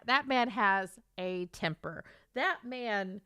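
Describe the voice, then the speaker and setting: A young American woman streamer telling a gossipy story in casual chat, animated and full of exaggerated quoted asides. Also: medium pitch, slow pace, few pauses, smooth, dry recording, studio quality.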